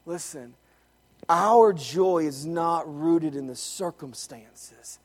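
A man preaching a sermon, telling a family story and swinging between loud, excited lines and hushed ones. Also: fairly high pitch, slow, big-room sound. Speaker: pastor.

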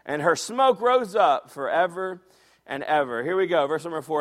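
High-voiced preaching man in a reverberant hall. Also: animated, normal speed. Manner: preaching with rising intensity and occasional shouts. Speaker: pastor. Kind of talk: sermon.

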